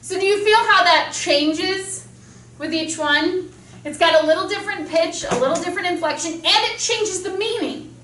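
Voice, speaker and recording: A woman teaching a speech class with a high, bright voice and eager energy. She talks through a mask, picked up from across an echoey classroom, with faint room noise behind her. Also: far from the mic. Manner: enthusiastic, explains with quick examples. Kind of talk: classroom lecture with drills. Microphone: masked, recorded from across a classroom.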